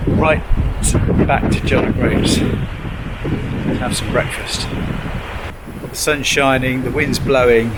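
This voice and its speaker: A man's voice: medium pitch, fairly even intonation, slow pace, long pauses. A man in his fifties, a van-life photographer, chatting casually and rambling with lots of ums and self-mocking asides. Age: 50s. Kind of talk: casual vlog chat to camera. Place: on a windy coast, in and around a van. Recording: far from the mic with loud wind noise.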